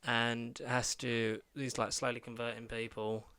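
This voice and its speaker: A man's voice: mid-range voice, flat delivery, a little slow, sharp tone, smooth, no room sound. Rambling man on a podcast. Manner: rambling recaps full of "like" and restarts. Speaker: podcast co-host. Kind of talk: casual chat.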